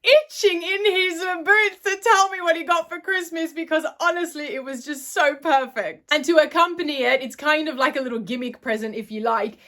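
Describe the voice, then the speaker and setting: A woman's voice: high voice, normal speed, few pauses, fairly bright tone. A young woman from Australia with an accent that is not typically Australian, chatting enthusiastically in a vlog about her gifts. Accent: not a typical Australian, somewhat British-sounding. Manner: chatty and enthusiastic, with small self-corrections. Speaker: vlogger. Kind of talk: casual chat.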